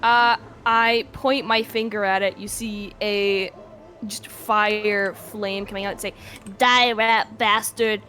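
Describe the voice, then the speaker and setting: Woman, tabletop player; mid pitch, excitable and giggly. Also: slow pace, faint music behind. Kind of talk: tabletop role-play banter.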